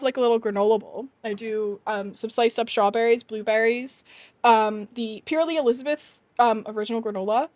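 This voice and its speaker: A young woman chatting casually to her live stream viewers, with a high, bright-pitched voice. The sound is dry and close, with no room around it. She talks animatedly, laughs often and rants with emphasis. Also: dry recording.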